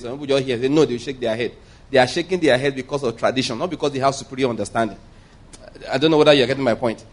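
A man preaching a sermon, emphatic and repetitive, often pausing to ask the audience rhetorical questions. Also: medium pitch.

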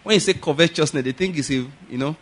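A man preaching a sermon, telling stories with animated swings between loud exclaims and quieter asides. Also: a little high, fast talker. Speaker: pastor.

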